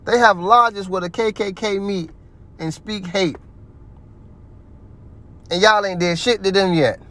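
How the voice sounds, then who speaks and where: Profane, preachy man with slightly high voice. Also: fairly bright tone. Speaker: religious commentator. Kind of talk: heated religious commentary.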